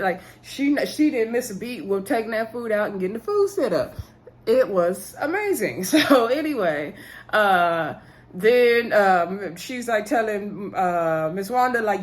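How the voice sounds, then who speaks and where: A woman giving a casual, chatty recap of a reality show episode, acting out the cast's lines in quick bursts, with lots of fillers. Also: medium pitch. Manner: chatty, retells scenes by voicing the cast, many fillers and laughs. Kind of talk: casual recap with acted-out quotes.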